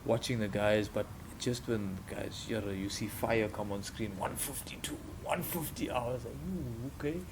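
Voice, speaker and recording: Over noisy surroundings, a man in his thirties with a South African accent talks in a lowish voice at normal speed, barely pausing. He's a podcast guest telling casual stories, animated and laughing while he performs the quoted voices.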